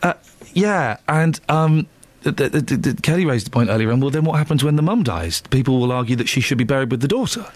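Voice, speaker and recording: A man's voice: medium pitch, fairly quick, no echo. A man hosting a radio show in a casual, bantering manner, often stammering and restarting. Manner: lively, stammering, self-deprecating banter. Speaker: radio host. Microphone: studio microphone.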